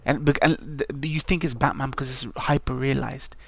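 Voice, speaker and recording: A man's voice: medium pitch, fairly even intonation, moderate pace, vocal fry, fairly bright tone. A man who is a guest on a casual chat, speaking bluntly and with strong opinions, swearing freely.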